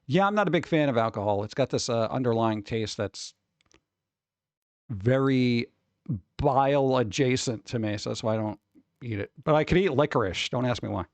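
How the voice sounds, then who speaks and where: A man's voice: medium pitch, moderate pace, no echo. A man hosting a livestream in casual chat, rambling, swearing casually and reading news aloud. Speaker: streamer host.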